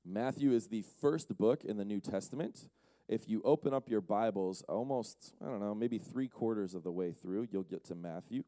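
A man's voice: on the low side, moderate pace, dark tone, dry recording. A man giving a casual, joking sermon to a young audience as a conference speaker, teasing the crowd as he goes. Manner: playful, teases the audience.

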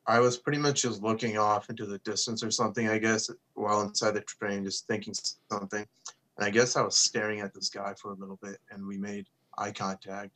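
A man's voice: on the low side, pushed and bright. A young man co-hosting a podcast, telling stories in a laid-back way, swearing freely and acting out the quotes. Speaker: podcast co-host. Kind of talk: casual storytelling chat.

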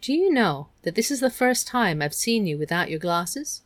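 A woman voicing Calvin, a gentle teenage boy, speaking in a reassuring way. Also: medium pitch, sing-song, moderate pace, dry recording, close to an everyday voice. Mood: tender.

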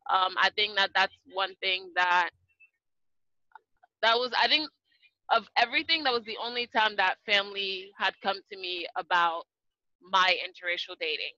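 A man from Gabon, speaking as a panelist in a casual discussion with a hesitant, soft-spoken manner that trails off. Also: high voice, moderate pace, dry recording. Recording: dry, slightly dull recording.

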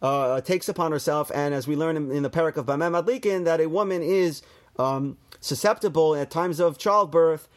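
Man, slightly higher voice, Torah teacher, reads verses and explains, casual fillers. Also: moderate pace. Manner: reads Hebrew verses then translates and explains; conversational, with fillers and restarts. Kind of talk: text study class.

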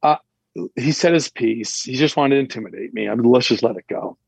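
A man telling a personal story in a casual, animated way, acting out the dialogue with raised voices. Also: mid-range voice, a little fast, creaky, husky, dry recording, low-quality recording. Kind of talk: casual anecdote.

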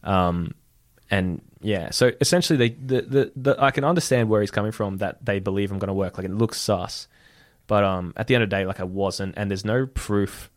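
A man's voice: fairly low pitch, fairly quick, few pauses, no echo, studio quality. A young man telling a long story in casual chat, rambling with lots of fillers and laughing often. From Australia. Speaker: storyteller guest.

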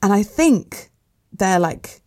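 A woman's voice: mid-range voice, sing-song, takes it slowly, mellow. A young Welsh woman comedian, chatty and often laughing, retelling a myth for comic effect in a podcast studio. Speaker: comedian guest.

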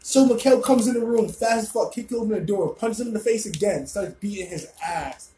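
Young guy, fairly high voice, cursing storyteller, echoey room, faint hiss. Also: a little fast. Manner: profane, animated, rambling. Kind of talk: casual storytelling.

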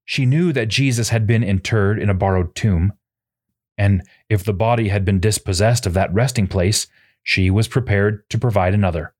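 A man giving scripted narration, reading formal scriptural prose in a solemn, measured way. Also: lowish voice, fairly even intonation, darkish tone.

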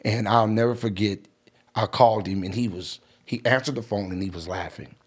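A middle-aged man earnestly telling a family story in a casual chat, animated as he goes. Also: lowish voice, a little fast, breathy edge.

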